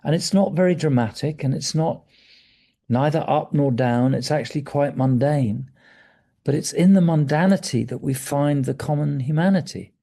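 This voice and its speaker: A man in his sixties talks in a gentle, wandering, reflective way, now and then sinking to a hushed near-whisper. His voice is gravelly with a dark, mellow tone. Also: fairly high pitch, moderate pace. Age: 60s. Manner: gentle, meandering, drops to soft near-whispers. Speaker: guest speaker on breathwork. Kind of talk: reflective conversational talk.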